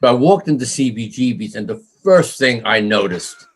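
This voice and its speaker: A middle-aged man from New York, a musician recounting old stories in an interview. He talks in a medium register and slips into other people's voices as he tells it. His delivery is expressive, with frequent laughs. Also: mid-range voice, normal speed, breathy edge. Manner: animated storyteller, acts out quoted voices, laughs often. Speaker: guest musician. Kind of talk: storytelling interview.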